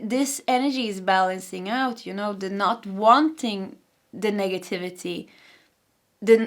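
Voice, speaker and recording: A young adult woman with a Swedish accent and a mid-range, slightly bright voice gives a pick-a-card tarot reading. She talks fast and energetically, often repeating her phrases.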